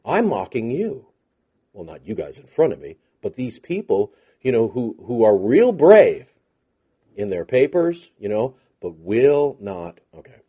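Animated husky man teaching the Bible. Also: mid-range voice, unhurried, dull audio. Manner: animated and sarcastic, with mocking asides and chuckles. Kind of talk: conversational Bible teaching to a live group.

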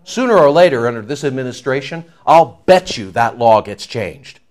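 A man preaching a sermon as pastor, jumping from loud declaiming to quiet asides and joking with the congregation. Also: medium pitch, lively intonation, normal speed. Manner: jokes and banters with the congregation.

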